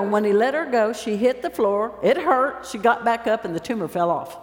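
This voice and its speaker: Woman preacher, animated storyteller, higher voice, recorded in a reverberant hall. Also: fairly quick, hardly any pauses. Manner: lively storytelling, acts out scenes. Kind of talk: sermon with stage demonstration. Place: large church hall. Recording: roomy echo, long hall reverb.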